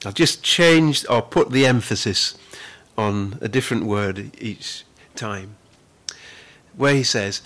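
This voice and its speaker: A man preaching a sermon as pastor, earnest, with frequent repeated words, who slows down to stress the scripture he reads. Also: on the low side, a bit bright.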